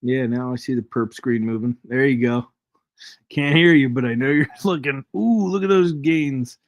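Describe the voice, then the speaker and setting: A man's voice: mid-range voice, steady tone, moderate pace, dry recording. A man hosting a casual live trading stream, chatty and jokey, chuckling as he reads charts aloud. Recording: dry, dull lo-fi stream audio.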